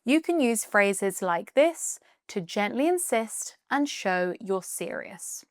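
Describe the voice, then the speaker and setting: A British woman presenting a scripted English lesson, explaining clearly and reading out example phrases. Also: mid-range voice, very animated, slow pace, no room sound, studio quality. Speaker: English teacher.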